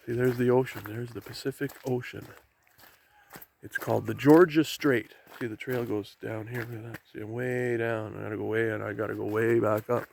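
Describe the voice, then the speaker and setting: Walking down a wet forest path toward the sea, this Canadian man chats to his camera in a loose, wandering vlog about his surroundings. He speaks at a normal speed in a steady, mid-range voice that's creaky and slightly dark, with faint rain and surf behind him.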